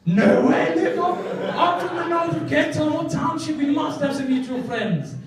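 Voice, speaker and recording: A comedian acting out an excitable male business client with a put-on South African accent, high and gushing. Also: moderate pace, crowd noise. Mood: eager. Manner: eager, gushing, high-pitched. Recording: echoey club, mic from far off, audience.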